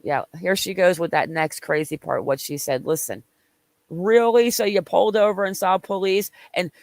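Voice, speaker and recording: A woman hosting a true crime commentary, reacting with blunt, exasperated disbelief and some swearing. She pauses the clips often to have her say. The sound is dry and close. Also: fairly low pitch, darkish tone, no room sound. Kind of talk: commentary over played clips.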